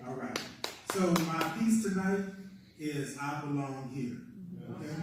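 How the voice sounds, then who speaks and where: A high-voiced man performing a rhyming spoken word piece before a live audience. He is heard from a distance through heavy echo that fills the hall. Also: animated, a little slow. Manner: rhythmic rhyming delivery with call and response. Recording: echoey hall from far off.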